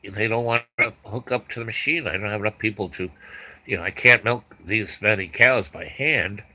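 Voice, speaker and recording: An old, practical dairy farmer lays out his trouble in a plain, patient way, as a man puts him on in his own telling. The voice sits low with a sharp, bright edge. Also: normal speed, low-quality recording. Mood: worried.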